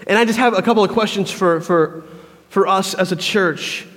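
A man's voice: high voice, normal speed, a bit bright. Man preaching in a reverberant church. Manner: storytelling, acts out crowd voices. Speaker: pastor. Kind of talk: sermon. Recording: long reverb of a church hall.

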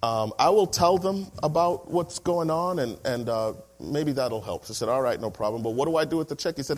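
A male pastor preaching through a personal story, lively and animated. He slips into the voices of the people he quotes, rising and falling as the tale builds. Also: mid-range voice, brisk, hardly any pauses. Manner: animated storyteller, acts out dialogue. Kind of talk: storytelling sermon.

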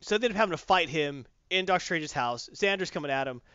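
A rambling, animated man with a raised, lively voice, chatting casually as a comics host. The recording is dry and slightly dull. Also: a little high, quick pace, clear, resonant tone, no room sound. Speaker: podcast host. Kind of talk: casual comic review chat.

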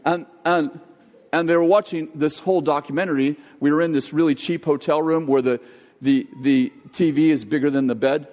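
An older man preaching a sermon, telling a jokey family story in an animated way. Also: on the high side, moderate pace. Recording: long hall reverb.

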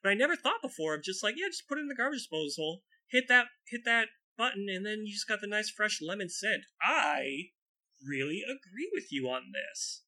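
A man's voice: sits high, animated, fairly quick, bright, forceful tone. A man in casual conversation, easygoing and agreeable, talking with restarts. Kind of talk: casual chat.

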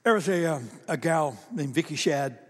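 A man's voice: a little high, animated, normal speed, husky. A man preaching a sermon as pastor, in a conversational style that often repeats words. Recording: long reverb of a large hall.

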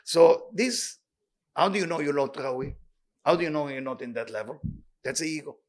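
Excitable male Torah teacher, rapid speech, slightly high voice, reads Hebrew fast and then translates. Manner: animated, excitable delivery. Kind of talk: weekly Torah study class.

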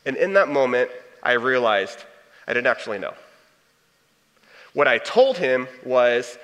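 A young man in his twenties telling a personal story to an audience in a lively, conversational way. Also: mid-range voice, unhurried, long pauses. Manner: animated, conversational storytelling with acted quotes. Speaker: speaker sharing testimony. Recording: long hall reverb.

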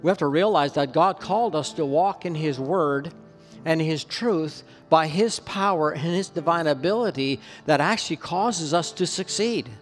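A Canadian pastor preaches to his church, earnest and personal, lifting his voice to drive points home. His rather high voice rings out with a long hall reverb, and soft instrumental music plays faintly behind him. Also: moderate pace. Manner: storytelling, personal and earnest, voice rising in emphasis. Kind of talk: sermon.

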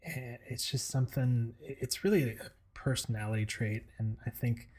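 A man co-hosting a podcast in casual chat, relaxed and rambling, often self-deprecating. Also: mid-range voice, normal speed. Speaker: podcast co-host.

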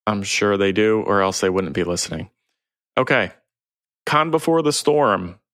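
A man hosting a gaming podcast in casual chat, reading listener feedback and shout-outs. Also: fairly low pitch, unhurried, no room sound. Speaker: podcast host. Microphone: remote call recording.

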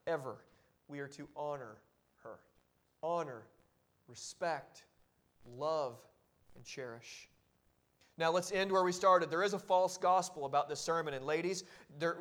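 High-voiced earnest male preacher. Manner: earnest and exhorting, with sudden quiet drops. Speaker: pastor. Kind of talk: sermon.

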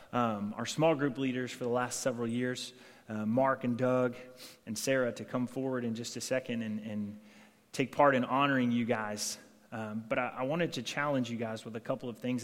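Pastor preaching in a reverberant church. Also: male voice, mid-range voice. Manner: earnest, acts out dialogue in scripture passages. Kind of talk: sermon. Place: church sanctuary.

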